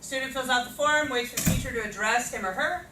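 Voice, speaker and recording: A woman's voice: sits high, fast talker. A woman training teachers at a workshop, talking conversationally and acting out what students and teachers say. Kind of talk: workshop presentation. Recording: echoey room from far off, noisy.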